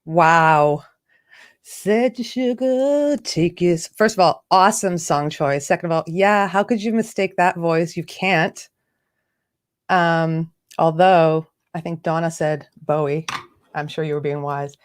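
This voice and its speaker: A woman's voice: sits low, fairly even intonation, unhurried, clean tone. Bubbly woman hosting a livestream. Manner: bubbly, chatty, talks to viewers. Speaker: livestream host. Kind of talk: casual livestream chat.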